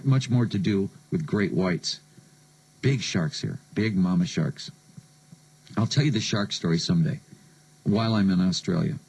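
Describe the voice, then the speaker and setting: A man's voice: low voice, gravelly, a little mellow, breathy edge, poor audio. A man from the United States hosting a late-night radio show, telling stories and joking sardonically between songs. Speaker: radio DJ host.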